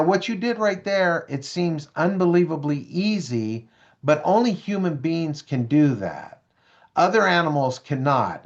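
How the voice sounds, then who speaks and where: A man lectures parents, animated and full of stories and audience questions. His voice sits a bit high for a man. The recording sounds dull and lo-fi. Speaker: prevention speaker for parents. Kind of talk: parent education presentation.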